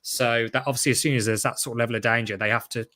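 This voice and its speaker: A man with a Black Country accent, co-hosting a podcast, telling a story in a brisk way. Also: mid-range voice, steady tone, pushed and bright, dry recording. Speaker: podcast co-host. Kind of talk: casual anecdote.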